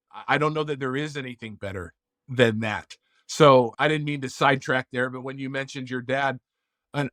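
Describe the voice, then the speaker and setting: A man speaks as a podcast guest, earnest and heartfelt, sometimes acting out snatches of conversation. His voice sits in an ordinary middle pitch. The sound is close and dry, with no room around it. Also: a bit bright, dry recording. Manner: earnest, heartfelt, acts out quoted dialogue. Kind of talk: casual interview storytelling.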